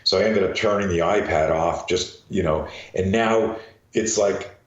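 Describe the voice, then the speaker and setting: A man's voice: sits low, a little slow, reverberant, highs cut off. An older man, a self-defense coach, talking in a casual interview, chatty and restarting words as he thinks. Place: garage.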